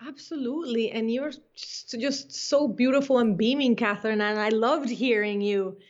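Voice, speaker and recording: High-voiced woman on a muffled recording. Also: normal speed. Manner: earnest, motivational, speaks with conviction. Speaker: guest. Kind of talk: conversational podcast interview.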